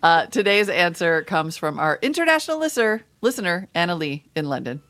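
A woman's voice: lowish voice, sing-song, brisk, fairly bright tone. A woman co-hosting a show, upbeat and enthusiastic. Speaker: co-host. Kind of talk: casual chat.

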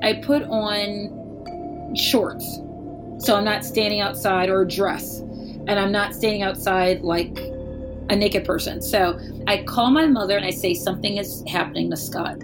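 A woman's voice: medium pitch, steady tone, unhurried, over music. A woman telling a personal story in casual speech, candid and wry, swearing and acting out what people said.

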